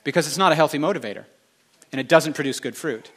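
Emphatic preaching man, fairly high voice. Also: quick pace, fairly bright tone. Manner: passionate, emphatic preaching with repeated phrases. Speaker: pastor. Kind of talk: sermon.

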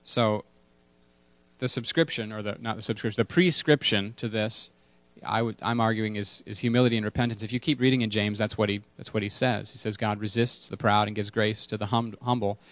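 A man's voice: lowish voice, steady tone, brisk, fairly bright tone, no echo. A man preaching a casual sermon to his congregation, candid and self-deprecating, repeating key words for emphasis. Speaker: pastor.

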